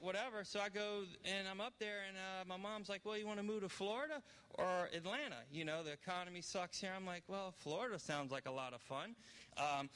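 Candid, rambling man with a bright voice. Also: on the high side. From New Orleans. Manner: candid, rambling storyteller with self-deprecating humor. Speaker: recovery speaker. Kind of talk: personal testimony to an audience.

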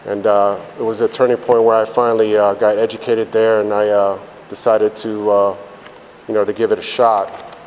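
A man's voice: fairly low pitch, little pitch movement, normal speed, darkish tone. A man giving a blunt, profane personal testimony about his recovery, rambling with lots of fillers. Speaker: speaker sharing his recovery story. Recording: reverberant hall with faint background noise.

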